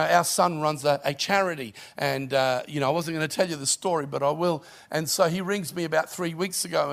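Middle-aged male pastor, slightly high, gravelly voice, sermon with storytelling. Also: fairly bright tone. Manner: preaching with rising emphasis and storytelling.

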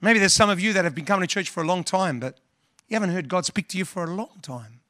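Brief: male pastor delivering a sermon, earnest, repeats himself, bright and forward tone. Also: sits high, fast talker, no echo, studio quality. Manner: earnest, repeats words, quotes scripture and hymns.

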